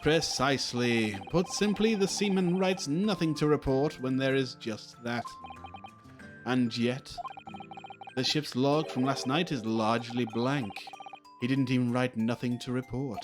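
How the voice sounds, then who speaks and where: A man voicing a theatrical, self-assured British detective, reading with a grand, drawn-out delivery over game music. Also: mid-range voice, close to an everyday voice. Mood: grandiose.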